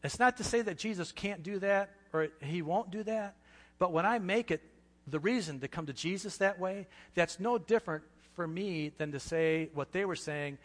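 A fairly high-voiced man preaching a sermon in a church, his words ringing out with a long hall reverb. He talks with passion, sinking to a hush and then swelling loud again. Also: moderate pace. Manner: impassioned, swings from hushed to loud. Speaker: pastor.

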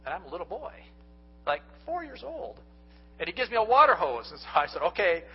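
A pastor preaches to his congregation in an earnest, folksy way, addressing them directly. His voice sits a little high for a man and has a husky edge. The recording is dull and lo-fi, as if captured in a church. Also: big pitch swings, brisk. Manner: folksy storytelling. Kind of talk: sermon.

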